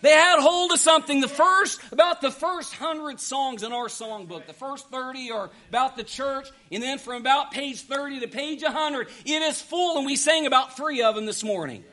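A man preaching a sermon, swinging between hushed asides and shouted exhortation, asking the congregation rhetorical questions. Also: extremely high pitch, animated, normal speed, few pauses.

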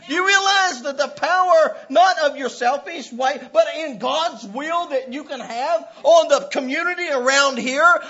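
A man preaching a sermon with passion, often breaking into shouts and laughs. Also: very high-pitched. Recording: dull lo-fi recording.

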